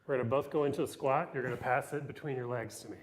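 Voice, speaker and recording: A man's voice: mid-range voice, steady tone, quick pace, slight background noise. A man coaching a partner workout on a live show, calling out moves, a little out of breath. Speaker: fitness trainer.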